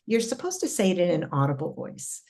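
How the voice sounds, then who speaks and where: Middle-aged woman guest, low-pitched, earnest and rambling with fillers. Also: wildly swooping pitch, fairly quick, creaky, mellow. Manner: earnest, many fillers and restarts. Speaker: guest telling spiritual experiences. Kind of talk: casual interview storytelling.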